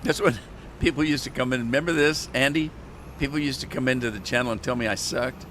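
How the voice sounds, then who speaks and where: A man's voice: medium pitch, a little fast, slight background noise. Grumbling older man chatting while gaming. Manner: grumbly self-mocking, deadpan joking. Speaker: streamer. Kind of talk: casual chat while gaming.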